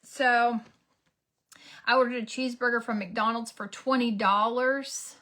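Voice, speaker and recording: A woman, telling a story as a casual get-ready-with-me vlog, dramatic and animated, sometimes dropping to a whisper. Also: on the high side, measured pace. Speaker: beauty vlogger.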